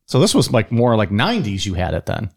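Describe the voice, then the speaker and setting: A man's voice: on the low side, wildly swooping pitch, brisk, creaky. A man co-hosting a podcast, talking in an earnest, casual way. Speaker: podcast co-host. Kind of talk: casual chat.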